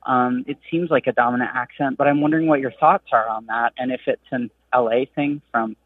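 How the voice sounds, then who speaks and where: A man's voice: medium pitch, steady tone, brisk, no room sound. A man from Arizona with a southern Arizona accent, calling a radio show and asking a question thoughtfully, with some hesitation. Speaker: caller. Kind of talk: call-in question. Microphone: telephone. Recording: tinny distant phone line.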